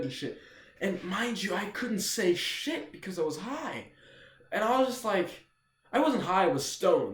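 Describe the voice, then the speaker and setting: A young man rambles through a casual storytime, swearing freely and tacking "dude" onto nearly every line. His voice sits a little high for a man. The room around him is bare and echoey. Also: animated, moderate pace. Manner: rambling, profane, says "dude" constantly. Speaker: vlogger.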